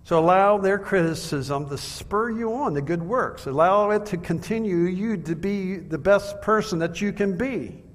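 A man preaches a sermon in a fairly high voice, posing measured rhetorical questions, recorded in a large reverberant hall.

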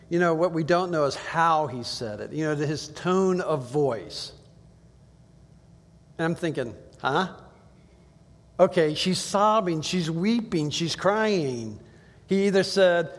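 A man gives a Bible teaching in an easy, conversational way. He reads passages aloud and keeps asking his listeners rhetorical questions. His voice sits a little high, and it carries a long reverb as if he is speaking in a large hall.

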